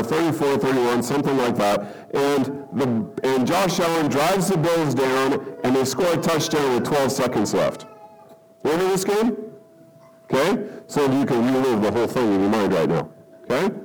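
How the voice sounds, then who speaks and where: A man preaching a sermon in a conversational, animated way, often checking in with "okay?" and acting out people's reactions. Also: mid-range voice, poor audio. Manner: says "okay?" often to the congregation. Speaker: pastor.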